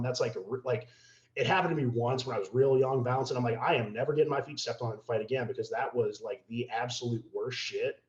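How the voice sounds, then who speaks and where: A man telling a story as a podcast guest, casual and profane, acting out the voices of people in his story. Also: medium pitch. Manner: animated, profane, acts out quotes. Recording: roomy, slightly dull podcast audio.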